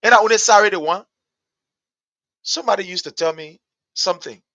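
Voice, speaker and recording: A man with a Liberian English accent delivers fired-up political commentary as a talk host, repeating his points and rising to shouts. His voice sits high and sounds bright and cutting, recorded close and dry. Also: a little fast, dry recording, dull audio. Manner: impassioned, repetitive, builds to shouting.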